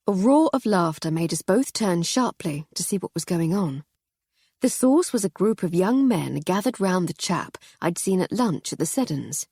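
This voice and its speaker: A woman narrates a cozy mystery with wry, measured storytelling. Her voice is low and husky yet very lively in pitch, recorded close and dry. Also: no room sound. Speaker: audiobook narrator. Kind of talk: scripted narration.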